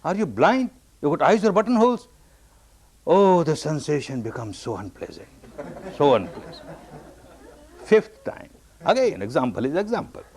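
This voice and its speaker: A man teaching meditation in a lively, sing-song voice that rises and falls widely. His voice sits a little high for a man. He repeats key phrases for emphasis and acts out the people in his stories.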